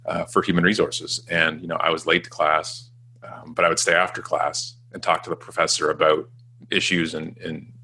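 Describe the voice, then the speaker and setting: A man in his forties, a guest telling his career story in a self-mocking, animated way with frequent restarts. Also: very deep voice, normal speed, vocal fry, husky. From Canada. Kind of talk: casual storytelling interview.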